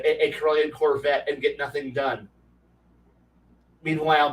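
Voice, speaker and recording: Rambling, animated man ranting about games. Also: a little high, far from the mic, poor audio. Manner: animated storyteller, acts out quotes in a raised voice; rambling, many restarts and profanity. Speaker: podcast host. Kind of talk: casual ranting chat.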